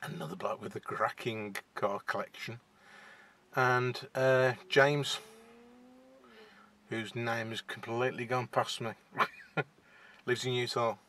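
Young West Midlands man, shy first-time vlogger, bright-voiced, hesitant, chatting in his car. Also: mid-range voice, steady tone, slow, pauses often. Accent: West Midlands (Wolverhampton). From England. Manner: shy, hesitant, many fillers and restarts. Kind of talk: casual to-camera chat. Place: inside a parked car.

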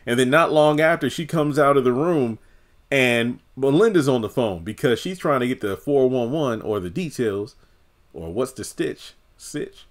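A man reviews a TV episode with a casual, opinionated recap, speaking loosely, using lots of fillers and acting out the characters' lines. His voice is medium-pitched and animated at a moderate pace.

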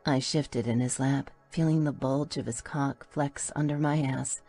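A woman's voice: a bass voice, steady tone, a little slow, dark tone, soft background music. A woman narrating a first-person audiobook in a wry, playful storytelling manner.

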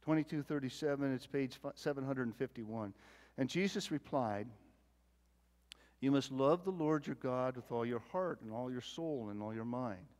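A male pastor preaching a sermon in a church sanctuary. His delivery is folksy, rising to loud emphasis and dropping to quiet asides. He often repeats words and restarts while he thinks. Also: mid-range voice, moderate pace.

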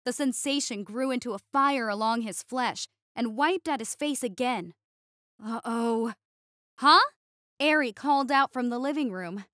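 A woman reading a scripted science fiction story in an even storytelling delivery. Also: fairly high pitch, no echo, studio quality. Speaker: story narrator. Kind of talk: scripted sci-fi story narration.

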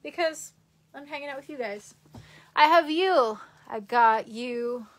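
High-voiced chatty young woman streaming. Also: a little slow. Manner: rambling, chatty, reads viewer comments aloud. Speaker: live streamer. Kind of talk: casual live-stream chat. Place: room in her parents' house.

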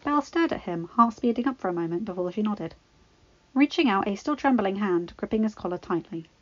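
A woman narrating a fanfiction story in an even, measured reading voice. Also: medium pitch, no room sound. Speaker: fanfiction reader. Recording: dull lo-fi, dry.

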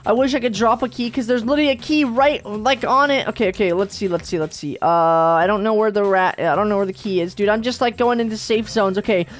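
A young woman playing a video game with a partner, talking excitedly, often gasping and shrieking in alarm. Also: medium pitch, fast, hardly any pauses. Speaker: game player. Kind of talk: excited gameplay commentary.

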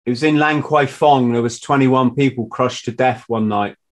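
A man's voice: medium pitch, normal speed. Chatty male podcast host. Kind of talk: casual interview.

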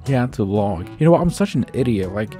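A man doing gameplay commentary, excitable and laughing often, swearing freely. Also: lowish voice, fast, soft background music. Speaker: gaming YouTuber.

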